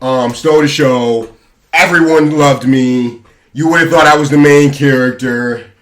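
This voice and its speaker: A young man telling a story to his vlog audience in an animated, self-hyping way. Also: medium pitch, a little slow. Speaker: vlogger. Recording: roomy echo, distant mic.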